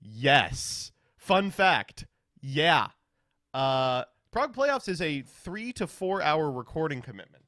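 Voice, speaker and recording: A male streamer chats with his viewers in a sardonic, profane way. His pitch swings all over the place, and the sound is close and dry with no room echo. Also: sing-song, slow, bright, forceful tone. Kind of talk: casual chat reading viewer questions.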